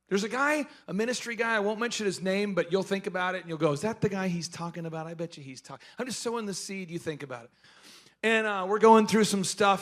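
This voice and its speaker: At a business workshop, a high-pitched, middle-aged man tells jokey stories to a live audience with lots of energy. He's animated, asks the audience questions, acts out quoted voices, and shouts his punchlines.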